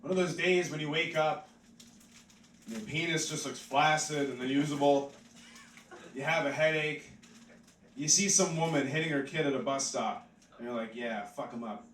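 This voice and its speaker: Male stand-up comic with a rambling, offhand delivery, slightly high voice, heard from afar in a roomy pub. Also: normal speed, pauses often, a bit bright, recorded from a distance, a little hiss or hum. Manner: rambling and offhand, full of "like" fillers. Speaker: stand-up comedian. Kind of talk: live stand-up comedy. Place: pub stage, live audience.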